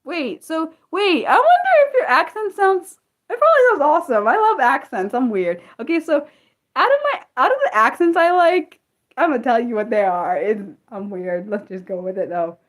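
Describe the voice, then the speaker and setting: A young American woman hosting a casual livestream, excitable and apologetic, talking back to her chat with many restarts. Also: high-pitched, moderate pace. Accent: American, Maryland. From United States. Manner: excitable, apologetic, lots of restarts and self-corrections. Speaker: livestream host.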